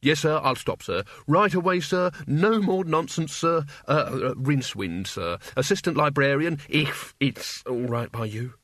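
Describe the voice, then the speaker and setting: A man's voice: a little high, lively intonation, measured pace, hardly any pauses, a bit bright, no echo, studio quality. A man doing Rincewind, a cringing nervous wizard. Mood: fawning. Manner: fawning, stammering, over-apologetic.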